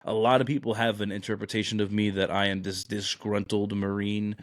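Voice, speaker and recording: A Brooklyn-born Marine recruiter hosts a podcast, telling stories in a casual chat with a blunt, rambling style full of "like" and "you know." His lowish voice comes across flat and a little fast, in clean studio sound with no room echo.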